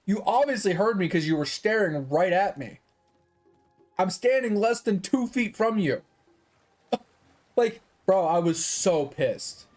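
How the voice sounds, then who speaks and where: A man's voice: high-pitched, expressive, measured pace, pauses often, a little mellow, soft background music. A man streaming games, ranting in casual chat, exasperated and swearing freely. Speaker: gaming streamer.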